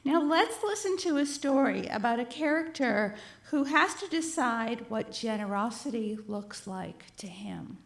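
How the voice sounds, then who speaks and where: A woman reading a children's story aloud at a church service, expressive and addressing her listeners. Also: on the high side, a little slow, vocal fry, hardly any pauses. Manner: animated, expressive, talks to listeners. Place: church sanctuary.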